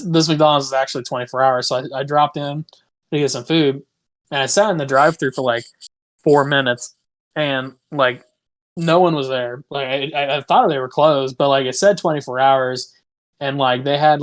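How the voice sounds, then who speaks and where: A young man co-hosting a podcast, telling a long story in casual, rambling fashion, packed with "like" and swearing. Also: mid-range voice. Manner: rambling, full of "like", swears freely. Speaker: podcast co-host.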